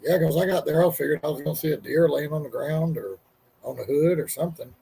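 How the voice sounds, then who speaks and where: A man with a gravelly, husky voice, telling a story in laid-back casual chat. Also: on the high side, quick pace, a crowd in the background, low-quality recording.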